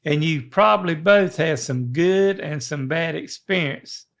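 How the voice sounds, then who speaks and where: Gravelly older man. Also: on the high side, a little slow, a bit bright. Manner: rambling, folksy, many restarts. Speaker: podcast co-host. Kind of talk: casual chat.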